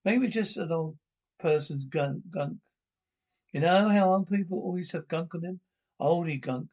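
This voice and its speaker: A man's voice: a little high, a little slow, darkish tone. An actor playing a joking cop in scripted sitcom dialogue, rambling through his jokes.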